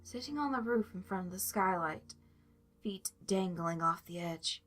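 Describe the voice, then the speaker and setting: Bright-voiced woman reading fan fiction. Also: mid-range voice, lively intonation, a little slow. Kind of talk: storybook narration. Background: soft music.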